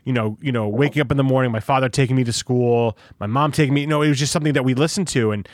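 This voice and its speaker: A man's voice: medium pitch, very fast, dry recording, clean studio sound. A man hosting a podcast, chatting casually in a rambling way, repeating himself and swearing freely. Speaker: podcast host. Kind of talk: casual interview chat.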